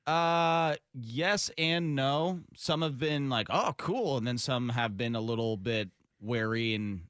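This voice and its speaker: A man in his thirties co-hosts a casual radio chat, joking and teasing his partner. His voice sits at an average pitch, and the recording is dry and close. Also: steady tone, slow, fairly bright tone, smooth, dry recording. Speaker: radio show co-host.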